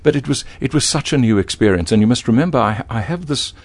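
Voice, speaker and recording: An older veteran broadcaster, speaking as an interview guest, telling stories animatedly with frequent stammering restarts. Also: male voice, medium pitch, animated, fast. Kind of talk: interview conversation.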